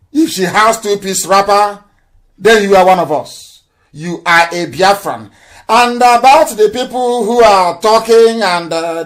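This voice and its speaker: High-voiced, defiant host. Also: male voice, fairly bright tone. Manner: defiant, boastful, emphatic. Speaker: call-in show host. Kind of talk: live call-in broadcast.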